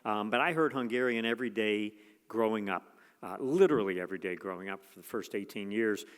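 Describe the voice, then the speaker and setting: Museum guy giving a gallery talk, excited, lots of uh's and restarts, long echo off a big hall. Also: lowish voice, fairly quick. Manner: enthusiastic, exclamatory, with many fillers and restarts. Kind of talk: lecture to an audience.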